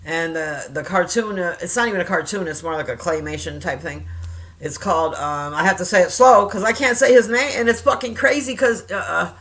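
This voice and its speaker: A woman's voice: lowish voice, fairly quick, a bit bright. A woman in her fifties chatting casually on a vlog, rambling and swearing freely, often breaking into laughter. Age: 50s. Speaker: reaction vlogger. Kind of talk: casual chat.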